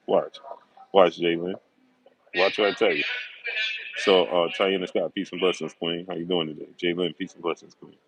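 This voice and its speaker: Deep husky confident man. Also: poor audio. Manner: confident, emphatic, repeats himself. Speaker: sports talk show host. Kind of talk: livestream chat, greeting viewers by name.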